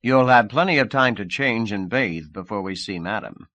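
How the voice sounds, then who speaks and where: A man voicing a confident middle-aged male agent who talks in a brisk, coaxing way. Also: lowish voice, lively intonation, bright, forceful tone, dry recording, lo-fi sound.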